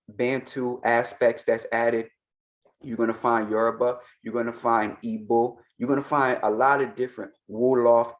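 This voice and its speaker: A man with a mid-range voice who speaks with heavy emphasis. He comments like a reaction host, drumming key lines again and again. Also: medium pitch. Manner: emphatic, insistent, repeats points. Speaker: Ifa priest and reaction commentator.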